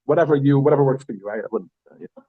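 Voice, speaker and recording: A man teaching a Yiddish class, chatty and animated, often restarting his sentences as he talks to the room. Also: mid-range voice, racing, husky, no echo, narrow, tinny audio. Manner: animated, chatty, self-interrupting. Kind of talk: classroom lesson.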